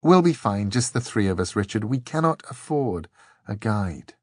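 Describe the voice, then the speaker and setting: A man voicing a lively, cheerful young woman in an audiobook. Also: on the low side, normal speed, slightly rough, dry recording, clean studio sound. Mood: eager. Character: bright eager young woman.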